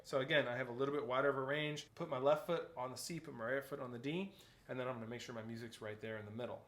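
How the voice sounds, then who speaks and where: A man's voice: mid-range voice, fairly even intonation, very fast, over loud music. Echoey male percussion teacher. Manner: explains step by step, counts aloud and calls out notes and stickings. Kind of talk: instructional tutorial. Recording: echoey room with faint noise.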